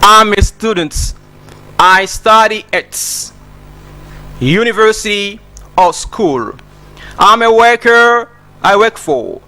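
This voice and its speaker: Congolese man, high voice, slow and repetitive, teaches English on TV. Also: lively intonation, pushed and bright. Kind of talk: broadcast English lesson.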